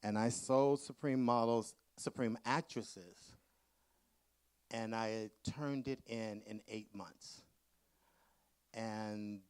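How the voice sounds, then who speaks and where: At a museum event, a male author gives a book talk, telling comic stories to a live audience in a campy, animated style and acting out the voices. His voice is lowish with a clean tone.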